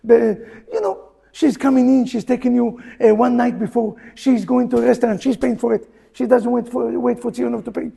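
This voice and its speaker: A middle-aged man, a rabbi, teaching a humorous class in a synagogue in broken English, firing off rhetorical questions and loud bursts. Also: very high voice, little pitch movement, fairly quick, vocal fry, breathy edge. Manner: jokey, full of rhetorical questions, bursts into loud quoted rants; broken non-native English grammar. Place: synagogue hall.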